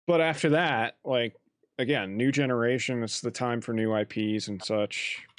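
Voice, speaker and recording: A man co-hosting a casual podcast chat, animated, laughing often and swearing casually. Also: medium pitch, moderate pace, clean tone, no echo, clean studio sound. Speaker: podcast co-host.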